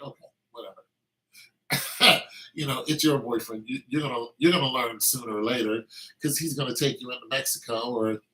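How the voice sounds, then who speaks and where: A man's voice: medium pitch, fairly bright tone, rough recording. A man talking in a casual, meandering monologue, telling anecdotes with lots of fillers.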